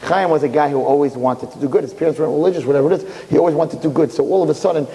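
A man telling a religious story in an animated, dramatic way. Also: a little high, racing, hardly any pauses. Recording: echoey hall.

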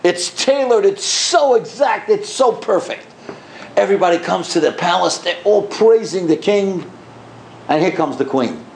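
A man preaches and tells a story as a rabbi in an echoey room. His voice sits high and turns more animated when he quotes others. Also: a little slow, gravelly, slight background noise. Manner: earnest, rising to animated pitch when quoting. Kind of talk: sermon storytelling.

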